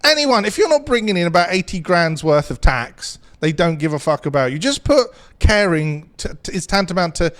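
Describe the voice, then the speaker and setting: A man's voice: high voice, big pitch swings, a little fast, hardly any pauses, a bit bright. A man guesting on a political chat show, indignant and in agreement.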